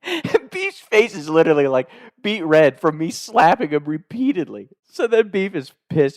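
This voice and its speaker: Laughing, animated young male storyteller. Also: fairly high pitch, normal speed, no room sound, studio quality. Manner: animated, laughs often, profane. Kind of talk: casual comedic storytelling.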